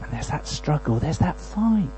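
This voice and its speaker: A man preaching a sermon, moving between quiet prayerful lines and loud, pleading passages. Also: on the high side, big pitch swings, normal speed, a little hiss or hum, rough recording.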